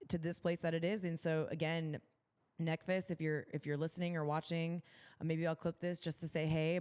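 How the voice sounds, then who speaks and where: Casting: young adult woman, livestream co-host, bubbly and upbeat, slightly low voice, chatty delivery. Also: a little mellow, clean tone. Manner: bubbly, upbeat, many fillers. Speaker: podcast co-host. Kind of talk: casual livestream chat.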